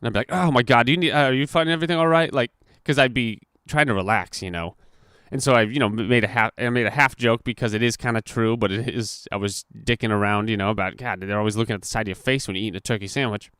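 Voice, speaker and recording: This young man talks fast in a low, clean-toned voice while hosting a podcast. He casually tells a story in an animated, profane way, acting out quotes, and the studio sound is clean with no echo.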